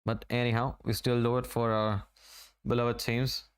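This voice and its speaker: A man from Asia calls a football match live for his stream, talking through the play in an unhurried, conversational way. His voice is smooth and resonant and sits at an ordinary middle pitch. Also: little pitch movement. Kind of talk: live match watch-along commentary.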